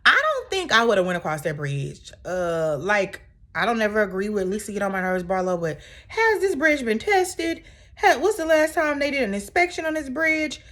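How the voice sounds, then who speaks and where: A woman's voice: medium pitch, very animated, normal speed, fairly bright tone. A woman casually recapping a reality TV episode in a chatty, sassy way, full of asides.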